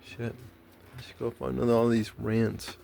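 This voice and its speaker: A man's voice: mid-range voice, little pitch movement, slow pace, creaky, dark tone. An American man ranting casually and rambling, swearing a lot and restarting his sentences, with faint background noise. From United States. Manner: profane, rambling, many restarts and fillers.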